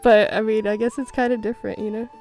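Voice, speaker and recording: A young woman streamer telling a long story in a casual, animated way, full of fillers and quick laughs. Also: fairly high pitch, faint music behind. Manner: animated, chatty, many fillers, laughs often. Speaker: gaming streamer.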